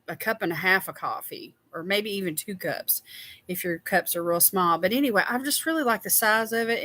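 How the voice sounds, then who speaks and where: Chatty woman, bright voice. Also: medium pitch. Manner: chatty, greets viewers by name. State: tired. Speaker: skincare livestream host. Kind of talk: casual livestream chat.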